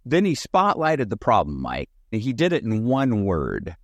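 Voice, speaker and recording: A man guesting on a podcast, telling an animated anecdote in a conversational way. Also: lowish voice, measured pace, dry recording. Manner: animated anecdote teller who acts out both sides. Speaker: podcast guest, sales consultant. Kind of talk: conversational storytelling.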